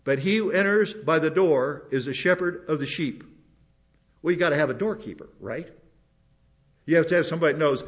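Older pastor preaching, lo-fi sound. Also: male voice, a little high, brisk, long pauses. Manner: rambling, with frequent restarts and asides. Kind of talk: sermon. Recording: dull lo-fi recording.

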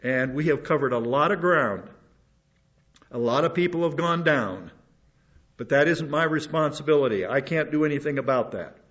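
A man's voice: fairly high pitch, moderate pace, a bit bright. An older man, a pastor, preaching a rambling sermon with many restarts and asides. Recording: dull lo-fi recording.

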